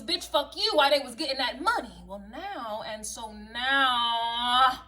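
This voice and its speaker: A blunt, foul-mouthed woman who reads tarot and astrology gives a casual collective reading. Her high voice is pushed and bright, and she slips into sing-song, repetitive chanting.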